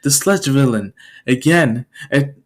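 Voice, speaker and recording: A man's voice: mid-range voice, animated, slow pace. A laid-back man spinning an improvised fan story with loose, rambling narration. He laughs at himself often and speaks in an ordinary mid-range man's voice.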